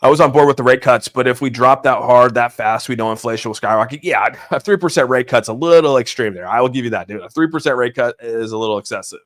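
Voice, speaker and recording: A man hosting a casual crypto livestream, rambling excitedly about the markets, often saying "dude" and greeting viewers from the chat. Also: medium pitch, fast, hardly any pauses. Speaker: crypto channel host.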